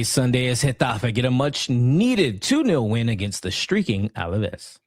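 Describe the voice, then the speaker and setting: A man's voice: mid-range voice, sing-song, measured pace, dry recording, studio quality. A man co-hosting a soccer podcast, reading out results and standings in a playful, sometimes sing-song way. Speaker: podcast co-host. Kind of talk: casual soccer match review.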